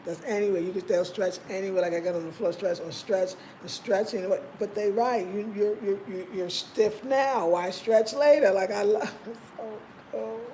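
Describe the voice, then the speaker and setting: A woman hosting a casual vlog, talking in an expressive, emphatic way and laughing often. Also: medium pitch, moderate pace, hardly any pauses, a little hiss or hum, rough recording. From United States. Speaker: vlog host.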